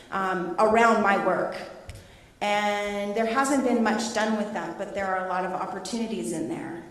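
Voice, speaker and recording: A middle-aged woman, a teacher, presenting her research to students and taking questions in a lively, laughing way. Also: medium pitch. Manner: animated, laughing storyteller. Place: large echoey hall. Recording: echoey hall, voice from a distance.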